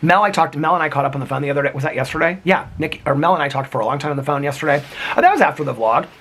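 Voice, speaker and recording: Husky-voiced man rambling earnestly. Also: on the high side, racing, a bit bright. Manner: earnest, rambling, heavy use of "like" and restarts. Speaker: vlogger. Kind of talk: casual reflective talk to camera.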